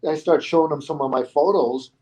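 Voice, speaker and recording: Being interviewed, a middle-aged stuntman recounts a story casually and animatedly, performing the other people's lines himself. His voice is fairly high and a little fast, and the recording is rough.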